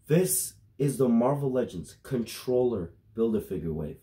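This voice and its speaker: Young man, raspy voice, dark tone, profane casual storytelling, rambling. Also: mid-range voice, measured pace, hardly any pauses. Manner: profane, rambling, gets loud and excited. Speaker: toy collector vlogger.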